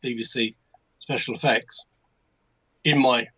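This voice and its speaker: A man's voice: mid-range voice, steady tone, a little slow, pushed and bright, slightly rough, poor audio. An older man with an English accent, telling a rambling anecdote as a guest on a hobby livestream, full of restarts and asides. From England. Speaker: guest modelmaker.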